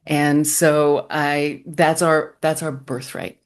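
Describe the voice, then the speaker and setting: A middle-aged woman, a running coach, answering interview questions in a measured, thoughtful way. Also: deep voice, flat delivery.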